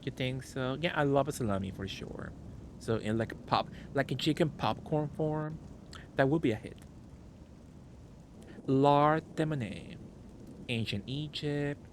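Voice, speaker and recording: A man's voice: mid-range voice, a little slow, long pauses, slight background noise. Chatty male streamer greeting chat. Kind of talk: casual live gameplay commentary.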